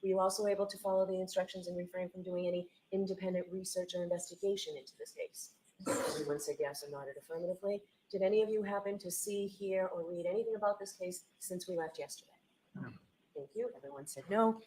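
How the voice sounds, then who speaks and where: A woman's voice: on the low side, dark tone, slight background noise, low-quality recording. A woman judge giving formal, methodical instructions to a jury in a courtroom. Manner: measured, methodical.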